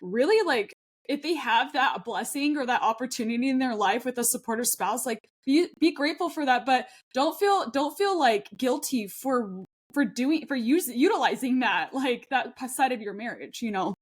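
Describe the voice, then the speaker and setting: A woman's voice: sits high, animated, normal speed. A woman in her thirties co-hosting a podcast in casual chat, rambling and earnest with lots of fillers. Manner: chatty, rambling, many fillers and restarts; earnest and heartfelt. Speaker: podcast co-host.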